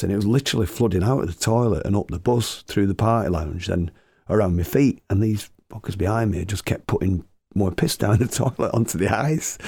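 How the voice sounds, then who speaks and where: A man with a gravelly voice telling a comic story, swearing and chuckling as he goes. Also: on the low side, darkish tone, dry recording. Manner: swearing, chuckling anecdotal delivery.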